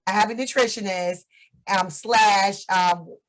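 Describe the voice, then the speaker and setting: A woman's voice: medium pitch, steady tone, a little slow, rough recording. A woman in her fifties, a guest on an interview show, telling her story in a chatty way and laughing often. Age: 50s.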